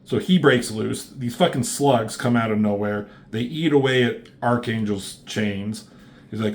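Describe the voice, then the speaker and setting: A man of middle pitch talks through a comic book plot in a loose, rambling way. He curses freely and keeps his tone offhand, like a casual reviewer chatting to his viewers. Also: moderate pace.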